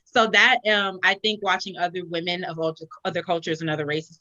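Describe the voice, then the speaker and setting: Bright-voiced woman chatting animatedly. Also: mid-range voice, a little fast, dry recording, lo-fi sound. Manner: animated, expressive storytelling. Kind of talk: casual chat.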